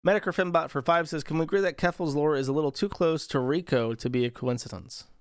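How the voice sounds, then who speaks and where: A man's voice: a little high, fast, no room sound, clean studio sound. A man on a casual livestream reads viewer donation messages aloud and riffs on them in a crude, profane, sarcastic way. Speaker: streamer reading viewer donations.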